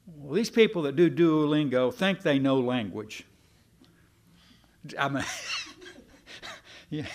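Slow folksy preacher man. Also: fairly high pitch. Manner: folksy, self-deprecating, slow deliberate preaching. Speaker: pastor. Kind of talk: sermon.

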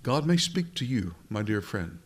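A man's voice: fairly low pitch, sing-song, normal speed, slight background noise. A man preaching a sermon in a conversational way, speaking directly to his listeners and often restarting his words.

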